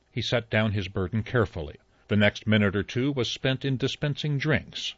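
A man narrating an audiobook in an even, unhurried storytelling manner. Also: lowish voice, no room sound. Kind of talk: scripted narration. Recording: slightly dull dry recording.

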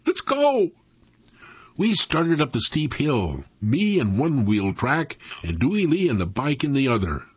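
A man narrating a first-person story with an expressive, dramatic delivery. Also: mid-range voice, slightly rough, no echo, highs cut off.

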